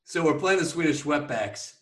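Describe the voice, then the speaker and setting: A young podcast co-host with a slightly high voice, lively intonation and normal speed rambles through a story in casual chat, swearing and laughing. The mic sits at a distance in an echoey room.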